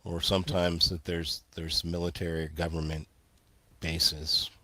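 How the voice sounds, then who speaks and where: Man, very low voice, measured explaining, dry close sound. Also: flat delivery, sharp tone, dry recording. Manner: explanatory, measured, with fillers and restarts. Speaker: guest, earth energy researcher. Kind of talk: casual interview talk.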